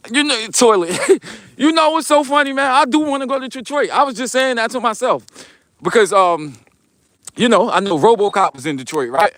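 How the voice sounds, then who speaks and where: A man's voice: fairly high pitch, a bit bright, dry recording. A man with a New York accent hosting a casual livestream outdoors while walking, reading viewers' comments aloud in loose, slangy talk. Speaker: livestream vlogger. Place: outdoors on a snowy street, walking.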